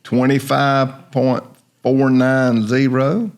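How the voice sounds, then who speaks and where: A man's voice: mid-range voice, level tone, slow. An older man hosting a casual podcast chat, rambling along in a folksy storytelling way. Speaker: host.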